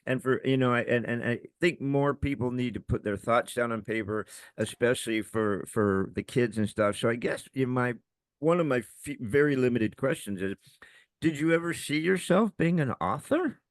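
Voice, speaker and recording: A man's voice: medium pitch, moderate pace, no echo. A man hosting a podcast, reading a guest's introduction with enthusiasm and then chatting casually. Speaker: podcast host.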